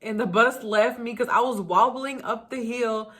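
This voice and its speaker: A woman's voice: a little high, steady tone, moderate pace, fairly bright tone. A young woman from the United States telling a personal story in a casual storytime vlog. She is emotional and talks straight to her viewers. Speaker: vlogger.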